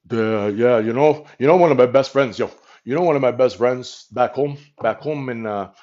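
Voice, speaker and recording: A man's voice: mid-range voice, moderate pace, darkish tone, highs cut off, natural voice. A man voicing a boastful middle-aged New York Italian tough guy with a New York Italian accent, name-dropping and saying "you know" constantly.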